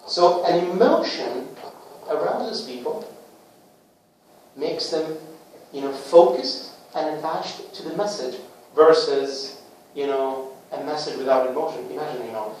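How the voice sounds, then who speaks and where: A man presenting a book to a small group in a casual talk, with lively rhetorical questions and acted-out little scenes. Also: on the high side, measured pace. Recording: echoey room, far from the mic, faint noise.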